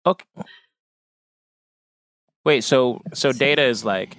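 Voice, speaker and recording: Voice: mid-range voice, takes it slowly, a bit bright, dry recording. Chill co-host, mid voice, dry close sound, keeps asking stuff. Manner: questioning, short reactions. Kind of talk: casual chat.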